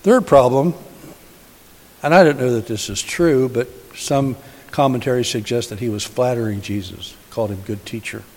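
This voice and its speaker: A man's voice: mid-range voice, moderate pace, a little mellow. Man preaching a conversational sermon. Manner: questioning, conversational preaching with rhetorical questions. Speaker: pastor. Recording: hissy recording in a reverberant hall.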